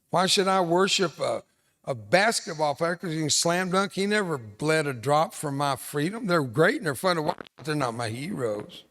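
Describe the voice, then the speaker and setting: A joking, self-deprecating man in his seventies, invited as a veteran guest, tells stories to students gathered in a school hall. His voice sits slightly high.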